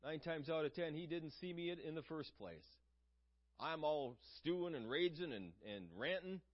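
A man's voice: fairly high pitch, normal speed, lo-fi sound. A man preaching a sermon in an earnest, conversational way, asking his listeners questions.

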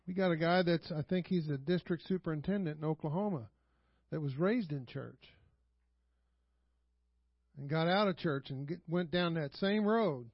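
A man with a high-pitched voice preaching a sermon in a church, telling stories like casual talk and pressing the people with rhetorical questions. He chuckles often as he goes. The recording is dry and dull, lo-fi with no room echo. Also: normal speed, pauses often. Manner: conversational storytelling with frequent rhetorical questions. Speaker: pastor. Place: church sanctuary.

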